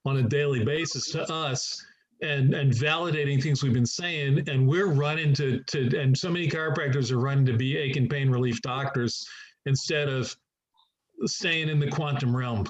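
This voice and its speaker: A man's voice: mid-range voice, moderate pace, low-quality recording. A man, a chiropractor, talking reflectively in a casual group discussion over a video call, rambling with restarts.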